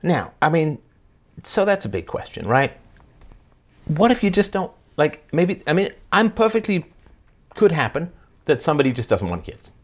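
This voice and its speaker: A man's voice: on the high side, big pitch swings, normal speed, long pauses. A man hosting a casual chat with his daughter, joking and teasing, then rambling into lecturing asides. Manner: joking, teasing, often laughing. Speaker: host, father talking with his daughter. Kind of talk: casual chat, reading out comments.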